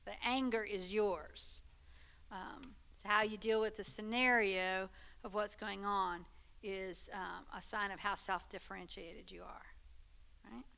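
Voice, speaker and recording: A woman's voice: medium pitch, steady tone, a little slow, gravelly, sharp tone. A woman teaching a Sunday school class in a conversational way, often checking in with her listeners. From Texas. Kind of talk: church teaching talk.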